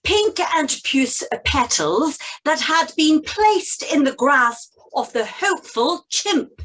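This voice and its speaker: Lady doing a posh rp english lady, slow loud super crisp reading, high and swoopy. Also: big pitch swings, heavily acted, low-quality recording. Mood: grand. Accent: received pronunciation, put on. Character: posh upper-class English woman reading aloud. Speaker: workshop participant.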